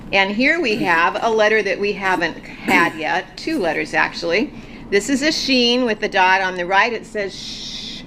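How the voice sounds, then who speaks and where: A woman's voice: medium pitch, a bit bright. A woman teaching a beginner Hebrew alphabet lesson from a ministry office, getting viewers to repeat the sounds aloud after her. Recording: noisy background.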